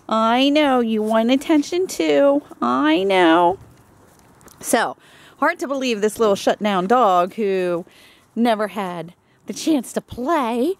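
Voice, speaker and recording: Woman, dog lover, high lilting baby-talk voice with big pitch swings, filmed on phone outdoors. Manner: high sing-song baby talk with sweeping pitch jumps. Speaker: dog rescuer filming her dogs. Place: outdoors in a yard with dogs.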